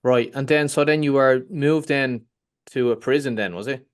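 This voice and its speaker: A man's voice: mid-range voice, normal speed, clean tone. A man hosting an interview, asking short prompting questions. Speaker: interviewer host.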